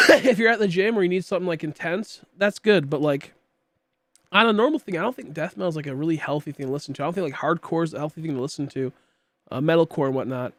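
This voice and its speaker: This fast-talking man in his late twenties has a voice on the high side and a fairly bright tone as he chats loosely while streaming a game, heavy on fillers. He coughs now and then from a tickly throat, and the recording is dry.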